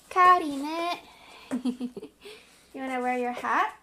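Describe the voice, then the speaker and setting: A woman's voice: high-pitched, normal speed, pauses often, sharp tone, a little hiss or hum. A young woman at home on a webcam call, hosting an online party for her dog, cooing at him and giving him commands. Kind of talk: casual chat on a video call.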